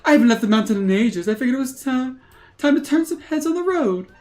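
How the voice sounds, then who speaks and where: A woman's voice: sits high, lively intonation, fast, a little mellow, voice pushed up. A woman voicing a haughty, vain ghost princess with a preening, grand manner.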